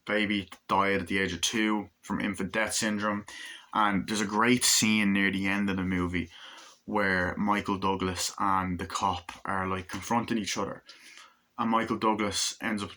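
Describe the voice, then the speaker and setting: A man's voice: fairly low pitch, flat delivery, normal speed, pushed and bright. A man giving a casual, rambling movie review, enthusiastic and swearing freely.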